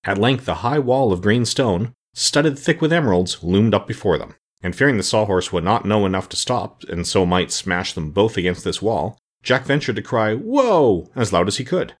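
A man reading a children's fantasy story aloud as an audiobook narrator, with expressive storytelling. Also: lowish voice, moderate pace.

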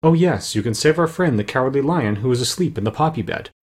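A man's voice: mid-range voice, expressive, fast, husky. A man doing an eager straw scarecrow. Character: cheerful straw-stuffed male scarecrow. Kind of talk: audiobook character voice.

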